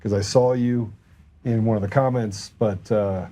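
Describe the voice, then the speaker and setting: A man's voice: fairly low pitch, measured pace. A man hosting a podcast, chatting casually and telling a story with acted-out dialogue. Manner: animated storyteller, acts out dialogue. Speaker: podcast host.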